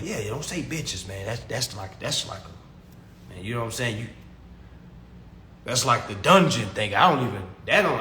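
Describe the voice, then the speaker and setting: A man's voice: medium pitch, bright, forceful tone, echoey room, a little hiss or hum. A man preaching to his livestream audience in a casual, slangy monologue, emphatic and given to repeating himself. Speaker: livestream host answering chat.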